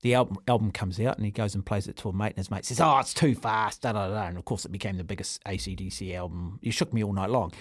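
A man's voice: sits low, fast talker, few pauses, husky, dry recording, clean studio sound. Rambling New radio host, man. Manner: rambling, animated storyteller. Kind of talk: casual radio chat.

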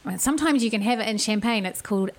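A woman with a New Zealand accent telling travel stories in a lively, chatty way on a podcast. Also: fairly high pitch. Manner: lively, chatty storyteller, quick and laughing. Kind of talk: casual chat.

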